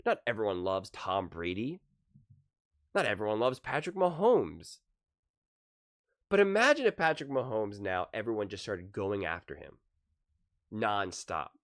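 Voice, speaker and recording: A man hosting his own sports commentary vlog, ranting with animated energy and acting out the fans he quotes. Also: lowish voice, measured pace, pauses often, no echo, clean studio sound. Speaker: sports commentary channel host.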